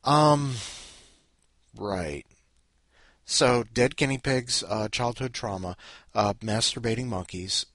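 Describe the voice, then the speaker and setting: A man's voice: medium pitch, slow pace, pauses often, a bit bright, dry recording. A man hosting a podcast in a rambling, self-interrupting way with wry asides. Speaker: podcast host. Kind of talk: rambling casual chat.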